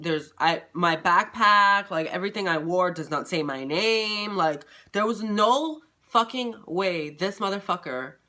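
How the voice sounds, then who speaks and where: A man vlogging a casual storytime, retelling it in an animated, profane, dramatic way. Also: high voice.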